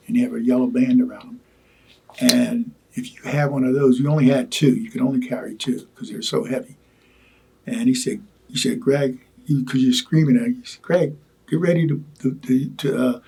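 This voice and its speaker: An older man recalling his wartime experiences in an oral history interview, talking haltingly with many repeated words and asides. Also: medium pitch, gravelly, dark tone, husky. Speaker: Vietnam veteran interviewee.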